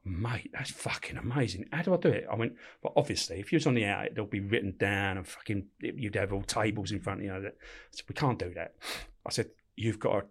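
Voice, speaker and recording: A man's voice: fairly low pitch, fairly quick, breathy edge. A middle-aged man, a former prison officer telling prison stories in casual chat, swearing freely and acting out the dialogue. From England. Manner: swears constantly, animated, laughs while telling. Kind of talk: casual storytelling with acted-out dialogue.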